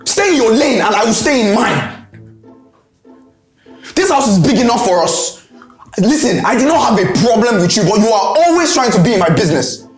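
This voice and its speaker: A man's voice: sits high, big pitch swings, normal speed. An actor playing a young adult son who argues defiantly with his stepmother and father. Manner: defiant, confrontational. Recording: echoey film audio with soft music.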